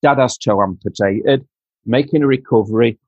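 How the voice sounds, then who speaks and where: A man telling an emotional personal story in a halting way, repeating words and growing quiet and choked at times. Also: medium pitch, breathy edge, dry recording. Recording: dull lo-fi dry sound.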